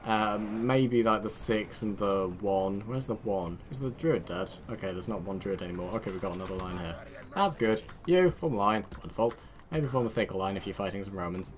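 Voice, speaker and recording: Man muttering and yelling over a strategy game. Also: medium pitch, a little hiss or hum. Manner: excitable, muttering, shouting orders at units. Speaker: let's play host. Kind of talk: gameplay commentary.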